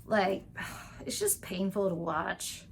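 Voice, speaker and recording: A woman's voice: medium pitch, steady tone, gravelly, a little hiss or hum. A woman giving a casual, gushing recap of TV episodes, chatty and full of "like" and "um", briefly acting out the characters' lines. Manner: acts out characters' lines in quick asides. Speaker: TV recap and tarot vlogger.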